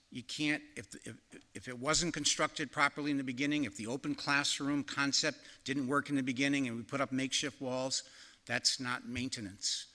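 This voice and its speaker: A man's voice: mid-range voice, sharp tone. A man speaking earnestly at a community forum, often restarting his sentences. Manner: earnest, halting with repeated starts. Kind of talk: speech at a public forum. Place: public meeting hall. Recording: long reverb of a meeting hall.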